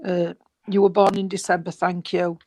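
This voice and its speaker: A spiritualist medium giving a gentle, reassuring reading, rambling and repeating, with many fillers. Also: medium pitch, level tone, normal speed, slight background noise, low-quality recording. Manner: gentle, reassuring, calls the sitter sweetheart and darling. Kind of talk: mediumship reading at an online service.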